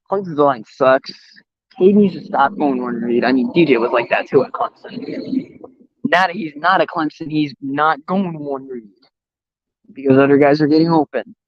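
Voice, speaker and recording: A young man with a slightly high voice rants on a stream, blunt and full of swearing. His sound is dull and a bit lo-fi, with a dry close mic. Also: no echo. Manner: blunt, profane, opinionated sports talk. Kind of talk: casual chat. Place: outdoors. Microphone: voice call or stream mic.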